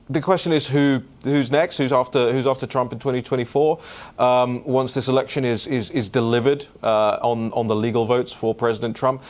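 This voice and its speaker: Man hosting a scornful, pitch-jumping opinion talk show. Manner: casual and scornful, with fillers and sudden pitch jumps. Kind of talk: opinion talk show monologue, answering listener questions.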